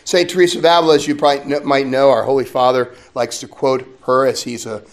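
A man, a friar, preaching a sermon to a religious conference in an animated, conversational way, with asides to his listeners. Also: medium pitch, fast talker. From United States.

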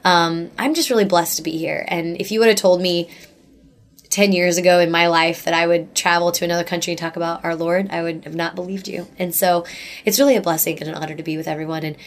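A woman's voice: on the low side, fairly even intonation, fast. A woman guest speaker talking earnestly about faith in an interview, with lots of "like" and restarts. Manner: earnest, gushing, many likes and restarts.

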